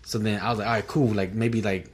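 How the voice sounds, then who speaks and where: A man's voice: fairly low pitch, little pitch movement, quick pace, slightly rough. A young man telling a story in casual chat, laid-back and slangy, laughing often.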